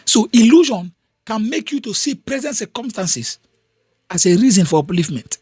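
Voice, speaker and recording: Nigerian-accented man, podcast host, husky, mid-pitched, dry close sound, preachy and insistent. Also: very animated, moderate pace, a little mellow, no echo. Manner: emphatic, repeats phrases. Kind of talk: motivational talk.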